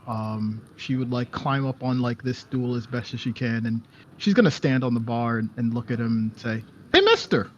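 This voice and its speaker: A man's voice: mid-range voice, moderate pace, lo-fi sound, a little hiss or hum. A man playing in a tabletop game, describing his character's actions hesitantly with many fillers. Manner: hesitant, filler-heavy, lively. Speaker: player.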